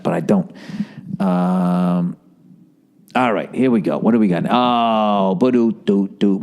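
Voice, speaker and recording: A man's voice: sits low, mellow. A man hosting a podcast, ranting casually and sarcastically with lots of swearing, and reading ads off the cuff. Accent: Boston. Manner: profane, sarcastic rant with mock voices. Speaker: podcast host. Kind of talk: casual comedic monologue and ad reads.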